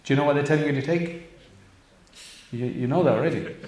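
A man's voice: on the high side, quick pace, background noise. A man giving an earnest religious talk to young people, direct and full of rhetorical questions. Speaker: Islamic speaker addressing youth and parents. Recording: echoey room.

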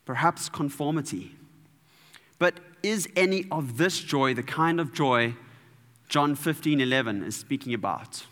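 A male preacher delivers a lively sermon with a bright, forceful voice that swings widely in pitch. He is playful and animated, and the long reverb of a large hall trails after his words. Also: unhurried. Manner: playful, animated, with sound effects.

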